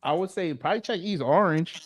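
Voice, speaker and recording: Loud teasing man hosting a chat show. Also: fairly high pitch, brisk. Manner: loud, joking, teasing banter. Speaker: podcast host. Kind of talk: casual comedic chat.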